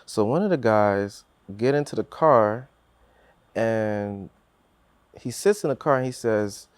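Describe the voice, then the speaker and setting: A man's voice: lowish voice, lively intonation, takes it slowly, no room sound. A man telling a personal story on a podcast in earnest, acting out what others said, with many restarts.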